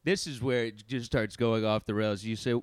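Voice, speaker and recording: A young man telling a story on a casual podcast, animated and swearing, acting out what others said. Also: on the low side, moderate pace, clear, resonant tone, no room sound, clean studio sound. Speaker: podcast host.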